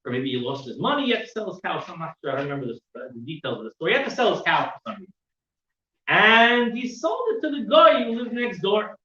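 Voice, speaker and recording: A man's voice: sits high, sing-song, quick pace, bright, forceful tone. A man teaching a weekly Torah class, telling a story with lots of fillers and restarts. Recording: roomy, dull sound from a distant mic.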